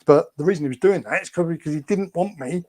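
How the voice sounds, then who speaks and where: A man's voice: a little high, fast, warm tone. A man telling anecdotes as a guest, chatty and rambling with lots of fillers. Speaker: guest, former film extra.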